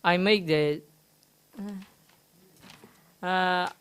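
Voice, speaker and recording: Slow, halting woman teaching Dhamma. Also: on the low side, fairly even intonation, clean tone. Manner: halting, explains Pali terms slowly with many fillers; gently teasing the audience. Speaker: Buddhist teacher. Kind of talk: Dhamma talk. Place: meditation centre hall.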